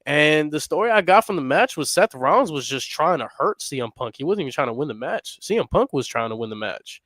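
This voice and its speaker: A man's voice: a little high, lively intonation, brisk, a bit bright, no echo. A man co-hosting a wrestling podcast, laying out his opinions at length in casual chat. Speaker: podcast co-host.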